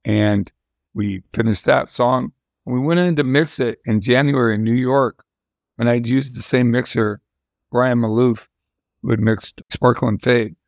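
An older man with a gravelly, creaky voice tells rambling, candid stories as an interview guest. He speaks at a middle pitch into a close mic in a dry room. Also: a little slow, darkish tone, dry recording. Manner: rambling, candid storytelling with restarts. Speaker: guest musician. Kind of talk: casual storytelling interview.

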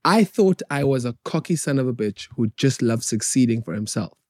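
A man's voice: mid-range voice, lively intonation, normal speed, darkish tone, dry recording, clean studio sound. A man from South Africa in casual conversation, blunt and profane, repeating words for emphasis. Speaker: podcast guest.

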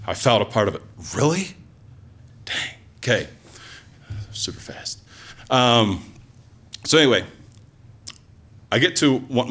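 A man telling a personal story live to an audience, in an animated, conversational way with lots of asides and fillers. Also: lowish voice. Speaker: storyteller, former teacher.

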